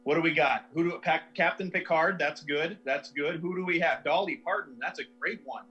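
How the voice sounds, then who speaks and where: A man's voice: a little high, normal speed, sharp tone, highs cut off. A man hosting a comedy livestream, rambling through viewer suggestions with self-mocking asides. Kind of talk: casual livestream chat.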